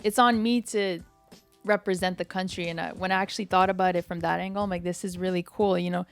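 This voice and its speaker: A woman's voice: lowish voice, creaky, faint music behind. A young woman from Canada, a guest DJ, chatting casually and candidly in an interview and laughing easily. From Canada (Toronto). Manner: relaxed, candid, quick to laugh.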